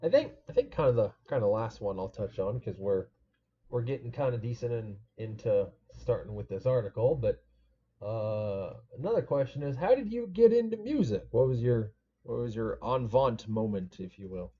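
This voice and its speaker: A man's voice: mid-range voice, expressive, normal speed, husky. A young man in his twenties hosting a casual podcast chat, laid-back and agreeable, swearing casually. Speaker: podcast host. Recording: dull lo-fi sound.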